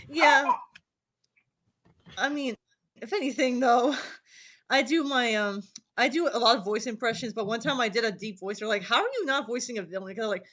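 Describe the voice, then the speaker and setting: Bright-voiced teenage girl chatting. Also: on the high side. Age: teens. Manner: giggly, rambling, quick asides. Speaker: host. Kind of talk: casual chat. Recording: echoey call audio.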